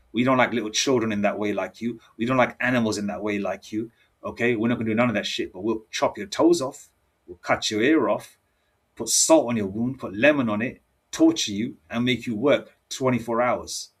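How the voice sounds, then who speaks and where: This religious teacher has a lowish, husky voice and preaches angrily while reading scripture aloud. His manner is combative, and he keeps checking in with "all right?" and "okay?".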